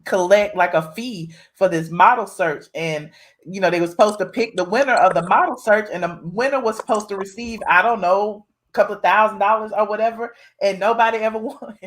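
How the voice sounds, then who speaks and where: A woman's voice: medium pitch, a little fast, low-quality recording. A woman hosting a live call-in show, chatting in a gossipy, slangy way. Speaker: livestream host. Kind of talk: casual live show chat.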